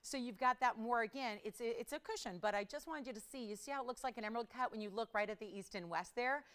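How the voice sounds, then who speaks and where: A woman's voice: fairly bright tone, clear, resonant tone. Chatty woman hosting a TV jewelry sale. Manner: upbeat, chatty, fast-moving pitch. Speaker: jewelry shopping show host. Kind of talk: live TV shopping sales pitch. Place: TV studio.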